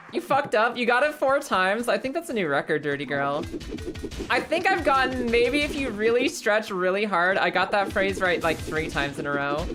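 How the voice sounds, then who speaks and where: A woman's voice: medium pitch, very animated, a little slow. A young woman chatting casually on a live stream, playful, swearing freely and tripping over tongue twisters. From United States. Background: music.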